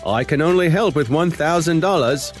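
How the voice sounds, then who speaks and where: A man's voice: on the high side, normal speed, faint music behind, voice pushed up, lightly acted. A man voicing a pushy online scammer in a put-on Australian accent, his voice raised and salesy. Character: pushy male Facebook scammer promising free grant money.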